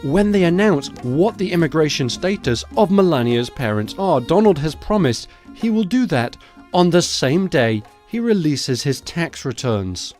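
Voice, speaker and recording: A man's voice: on the high side, sing-song, unhurried, darkish tone, soft background music. A man hosting a solo podcast, commenting on the news in a sarcastic, profane, conversational way. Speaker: podcast host.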